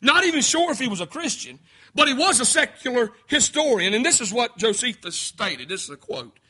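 A man's voice: very high-pitched, big pitch swings, a little fast, sharp tone, slightly rough. A man preaching a fervent sermon and speaking directly to his congregation.

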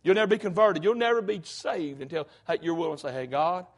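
A man's voice: a little high, animated, quick pace. A man preaching a sermon, fervent and folksy, often breaking in with "hey".

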